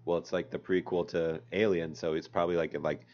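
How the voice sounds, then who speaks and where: A man's voice: deep voice, level tone, brisk, darkish tone. A man in casual chat, bantering in a laid-back, slangy way. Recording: muffled lo-fi recording.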